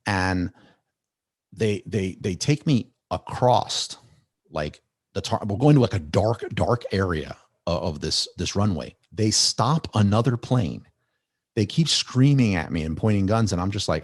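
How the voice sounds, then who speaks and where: A man guest on a podcast, telling a long story in a rambling, animated way with many restarts. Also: low voice, normal speed, dry recording, clean studio sound. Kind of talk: casual storytelling.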